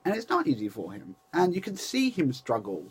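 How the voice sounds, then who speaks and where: A man's voice: fairly high pitch, wildly swooping pitch, fairly quick, slightly rough. Rambling young man vlogging. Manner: rambling and chatty, with many restarts and self-corrections. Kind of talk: casual chat to camera.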